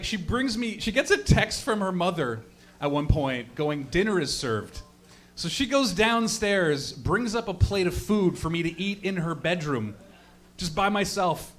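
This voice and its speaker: A man's voice: high voice, a bit bright. A young man performing a rambling, profane stand-up set on stage, laughing at his own stories. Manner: loose, rambling storytelling with frequent laughs and profanity. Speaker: stand-up comedian. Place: comedy stage before a live audience.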